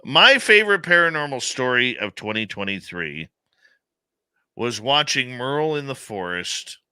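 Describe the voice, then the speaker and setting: A man hosting a radio talk show, telling stories in a lively, chatty way. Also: medium pitch, unhurried, clear, resonant tone, no room sound. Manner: animated storyteller, laughs easily. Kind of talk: casual radio talk, storytelling.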